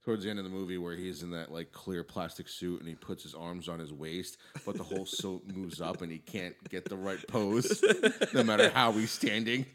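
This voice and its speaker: A man with a very low voice co-hosts a podcast. He chats in a laid-back way and swears casually as he recalls favorite scenes. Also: fairly even intonation, moderate pace, fairly bright tone. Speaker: podcast co-host. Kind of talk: casual chat.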